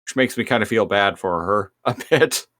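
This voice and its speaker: Man, fairly low voice, dry sound, casual podcast recap, lots of fillers. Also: moderate pace, no room sound. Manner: animated retelling, many "like" fillers, profane. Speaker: podcast co-host. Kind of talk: casual chat retelling a cartoon episode.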